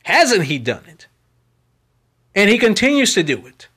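Preachy high-voiced male podcast host. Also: wildly swooping pitch, unhurried, bright, forceful tone, husky. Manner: preachy, repetitive, testifying; pleading for support. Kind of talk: unfiltered podcast monologue.

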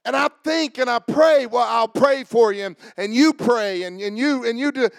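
This pastor speaks at a moderate pace with vocal fry, his church sermon growing from quiet conversation to shouted preaching as he calls church members by name. The recording is dry.

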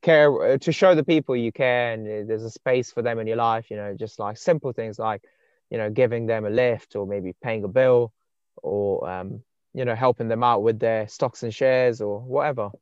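Young male podcast host, relaxed rambling delivery, dull lo-fi mic. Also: mid-range voice, normal speed, smooth, no echo. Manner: laid-back storytelling with many fillers. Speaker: podcast host and dating coach. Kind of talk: casual podcast chat. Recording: dull muffled podcast sound.

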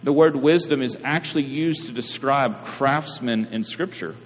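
A man's voice: mid-range voice, moderate pace. A man, preaching a sermon in a conversational way and often checking in with listeners. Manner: conversational preaching with frequent "right?" asides. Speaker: pastor. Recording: reverberant hall, mains hum.

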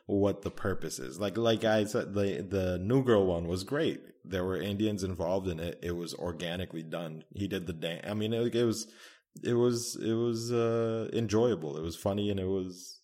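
A man's voice: sits low, normal speed, darkish tone. A young man co-hosting a podcast, chatting casually and rambling with frequent restarts. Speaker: podcast co-host. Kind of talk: casual chat.

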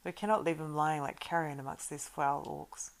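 A woman reading a story aloud and voicing a calm, earnest elf archer man who speaks in steady, formal phrases. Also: low-pitched, normal speed, gravelly.

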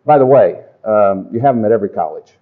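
A middle-aged man preaching a testimony sermon to a congregation, folksy and animated in his storytelling. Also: lowish voice, fast. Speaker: pastor. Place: church or camp meeting. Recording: dull lo-fi live recording.

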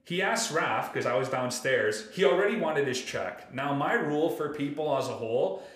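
A man's voice: medium pitch, moderate pace, roomy sound. Man ranting on a podcast. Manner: animated, profane ranting. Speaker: podcast host. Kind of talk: casual chat.

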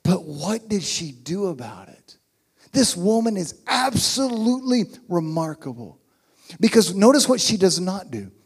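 A man's voice: high voice, very animated, a little slow, breathy edge. A man preaching a sermon as pastor, emphatic and repeating his key phrases.

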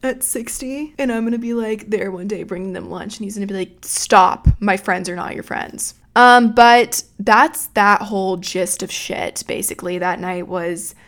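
Young woman, podcast host, casual storytelling, swears freely, mid-pitched voice. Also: moderate pace, few pauses, a bit bright. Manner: rambling, profane, self-mocking.

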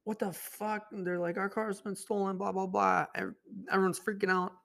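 A man's voice: sits high, level tone, fairly quick, vocal fry, a bit bright. A young man hosting a podcast, telling a rambling, profane story in a laid-back, casual monologue. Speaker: podcast host.

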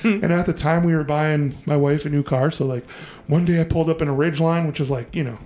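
A man hosting a podcast, telling a story in a casual, profane, animated way and acting out the voices he quotes. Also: fairly high pitch, quick pace. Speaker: podcast host.

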